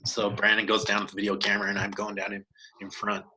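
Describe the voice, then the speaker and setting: A man, co-hosting a podcast, telling a hunting story in an animated way with many restarts. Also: on the low side, fast, slight background noise, rough recording. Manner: animated, acts out quoted dialogue, many restarts. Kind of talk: casual storytelling chat.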